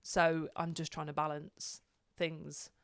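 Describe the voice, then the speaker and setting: Smooth-voiced young English woman, dry mic. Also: deep voice, little pitch movement, slow, no echo. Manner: easygoing, hesitant with fillers. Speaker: podcast guest, actor. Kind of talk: casual chat.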